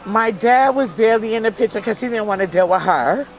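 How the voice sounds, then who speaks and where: A Brooklyn woman with a fairly high, animated voice talks a little fast amid slight background noise on a rough recording. Interviewed as a guest, she tells her own tough story with raw candor and emotion, in blunt street-style speech.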